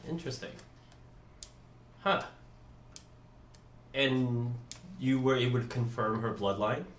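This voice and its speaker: A man playing a tabletop game, asking questions in character in a measured, inquisitive way. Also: mid-range voice, reverberant, slight background noise. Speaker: player.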